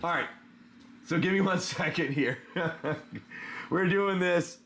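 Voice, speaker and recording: A man's voice: high voice, moderate pace, fairly bright tone, a little hiss or hum. A man hosting a live card-opening stream, chatting casually and greeting viewers by name with plenty of "um" and "uh".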